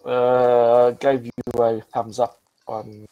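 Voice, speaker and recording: A man's voice: medium pitch, little pitch movement, takes it slowly, dry recording, dull audio. A drunk man chatting casually as host, rambling with many restarts and swearing. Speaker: channel host. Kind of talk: casual chat on a group voice call.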